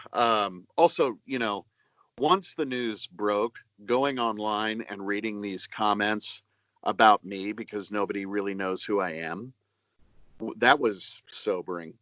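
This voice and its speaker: A middle-aged man, an actor and narrator, giving measured, earnest answers over a video call, pausing often. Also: on the low side, sharp tone, dry recording. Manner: earnest, measured, with many pauses and fillers. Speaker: actor and audiobook narrator, interview guest. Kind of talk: reflective interview answers.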